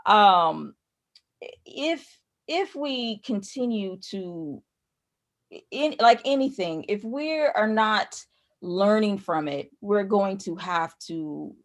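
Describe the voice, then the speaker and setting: A woman's voice: medium pitch, animated, takes it slowly. A woman teaching spiritual ideas in conversation, rambling and repeating phrases as she loses her thread.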